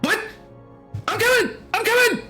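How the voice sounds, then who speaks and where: A man voicing an enraged brute who screams threats and berates a captive, loud and high. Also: a little slow, faint music behind, full character voice. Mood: furious yelling. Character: raging brute man Rex, bellowing threats.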